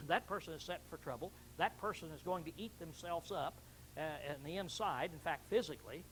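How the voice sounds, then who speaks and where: An older man delivers a homespun sermon with a slightly raised voice. He keeps clearing his throat and going back over his words, and a faint hiss of room noise sits under him. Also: fairly high pitch, fairly quick, a bit bright, rough recording. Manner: folksy, repeats phrases, clears throat often. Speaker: preacher.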